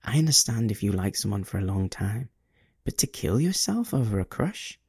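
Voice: medium pitch, sing-song, moderate pace, darkish tone, husky, dry recording, studio quality, full character voice. A man doing a thin, mocking eerie voice. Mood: pitying, mocking. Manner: murmuring, pitying, mocking.

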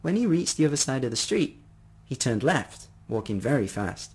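A man narrating a first-person story in an expressive reading voice. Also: mid-range voice, fairly quick, gravelly, breathy edge.

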